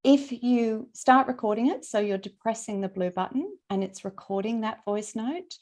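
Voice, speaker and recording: A woman's voice: a little high, lively intonation, normal speed, darkish tone. A woman teaching a webinar over a video call, in a chatty, conversational way that checks in with attendees by name. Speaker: LinkedIn trainer presenting a webinar. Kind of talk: casual, chatty workshop teaching.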